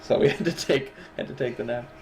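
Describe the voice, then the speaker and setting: A man's voice: medium pitch, brisk, darkish tone, slight background noise, low-quality recording. A young man co-hosting a stream from a desk at home, chatting casually, joking and laughing often. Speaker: co-host of an awards stream.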